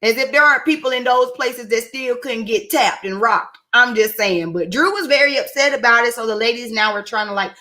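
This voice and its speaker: A woman's voice: on the high side, brisk, few pauses, pushed and bright. A woman giving a chatty, sassy recap of a reality show episode, with in her speech. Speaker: reality TV reviewer. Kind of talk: casual recap commentary.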